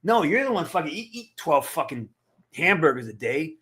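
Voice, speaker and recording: A man's voice: fairly high pitch, very animated, moderate pace, fairly bright tone. A middle-aged man hosting a livestream, ranting to his live chat in a blunt, profane, emphatic way and answering viewers' comments. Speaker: livestream host. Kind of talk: casual rant to live chat.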